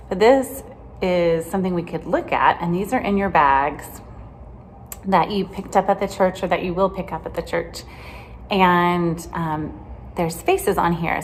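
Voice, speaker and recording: A woman with a somewhat low voice teaches a children's Bible lesson. She is gentle and chatty and keeps asking the kids questions. A faint noise sits under the recording. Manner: gentle, chatty, asks questions with many "right?"s.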